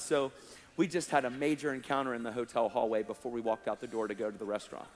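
A male preacher telling a testimony story in an animated way, acting out the dialogue and laughing along, in a large hall. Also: fairly high pitch, a little fast. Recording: long hall reverb, faint music.

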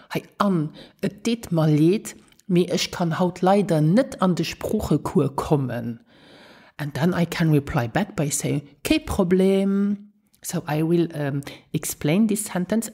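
A woman with a breathy voice teaches a podcast language lesson and takes her time over each phrase. Her pitch sits a little low but swings widely as she repeats words for learners to copy. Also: mellow. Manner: slow, careful drills of words and phrases. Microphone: podcast microphone.

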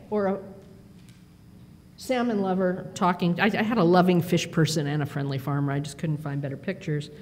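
A middle-aged woman giving a conference keynote, telling stories in an animated, self-deprecating way with quick asides. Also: deep voice, slight background noise. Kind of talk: storytelling speech. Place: performance hall. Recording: long hall reverb, faint ambience.

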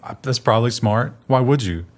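A man with an ordinary mid-range voice co-hosts a casual tech news chat. He banters quickly and drops joking asides in a mocking tone. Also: medium pitch, animated. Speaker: news show co-host.

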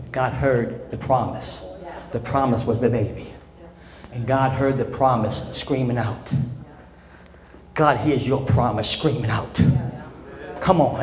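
Man preaching, mid-range voice, loud declarations then soft storytelling, long church reverb. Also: mid-range voice. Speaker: pastor. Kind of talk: sermon. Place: church sanctuary. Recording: long church reverb with faint background noise.

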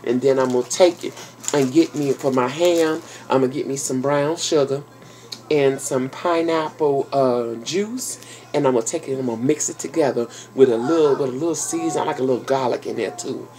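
A woman's voice: very deep voice, moderate pace, warm tone. A grandmother vlogging from her home office, tired and speaking in a folksy, salty way, calling her viewers honey and baby. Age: older. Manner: folksy, salty, talks straight to viewers with endearments. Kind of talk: casual vlog chat.

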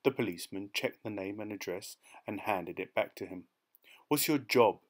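Low-voiced male audiobook narrator. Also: steady tone, a little fast. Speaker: audiobook reader. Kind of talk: scripted narration.

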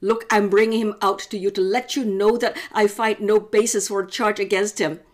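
A woman's voice: medium pitch, fairly even intonation, normal speed, voice pushed up, lightly acted. A woman voicing an uneasy Roman governor in a Bible reading, with pointed, raised questions. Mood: questioning.

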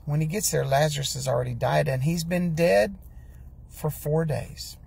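A man's voice: on the high side, moderate pace, gravelly, a little mellow, slight background noise. A man preaching an earnest sermon from his parked truck, reading scripture aloud and repeating questions for emphasis. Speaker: pastor.

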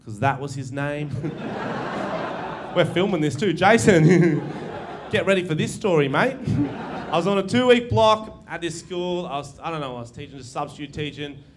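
A man's voice: a little high, expressive, moderate pace. A young man doing a crude, brash stand-up comedy set and laughing at his own jokes. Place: comedy venue before a live audience. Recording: live stage recording with audience noise.

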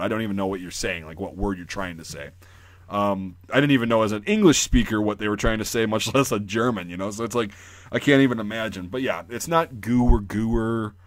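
A man's voice: fairly low pitch, no room sound, studio quality. An American man hosting a militaria channel, explaining pronunciation in casual, rambling talk full of fillers and opinions.

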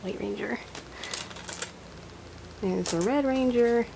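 The woman's voice sits on the high side with vocal fry and a slow pace as she casually shows off her old toys at home. She's chatty and nostalgic, thinking aloud, and the home recording is noisy.

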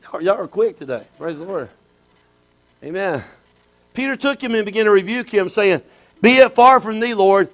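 A high-voiced man preaching a sermon. He talks to the congregation in a loose, lively way, drops low for asides and climbs into loud cries. The talk swings between quiet and loud. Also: normal speed, long pauses, poor audio. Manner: animated preaching that swings from soft asides to shouts. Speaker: pastor.

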